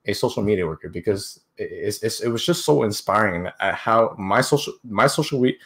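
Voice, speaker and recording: A man's voice: fairly low pitch, lively intonation, fairly quick, fairly bright tone. A young man, an interview guest, telling a personal story in casual talk, with many restarts and repeated words.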